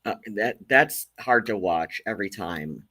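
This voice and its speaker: A man's voice: on the low side, lively intonation, a little slow, very noisy. A man hosting and giving casual commentary, hesitant with many fillers and restarts. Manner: hesitant, many ums and likes. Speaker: host.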